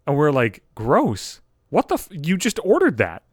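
In his thirties, this man delivers a comic, profane monologue in a husky, somewhat high voice with huge pitch swings, speaking a little slowly. He swears constantly and works himself into rants, captured in a dry, studio-quality recording.

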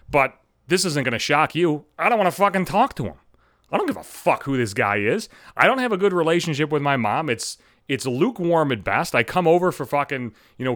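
A man's voice: on the high side, a bit bright, dry recording, studio quality. Foul-mouthed man ranting on his podcast. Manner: swears constantly, bitter and sardonic. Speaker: podcast host. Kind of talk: profane solo podcast rant.

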